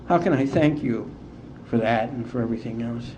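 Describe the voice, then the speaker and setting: A middle-aged man from West Virginia, speaking as an AA speaker and telling his recovery story to a conference in a heartfelt, unhurried way. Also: medium pitch, a little mellow, slight background noise. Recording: dull lo-fi conference tape.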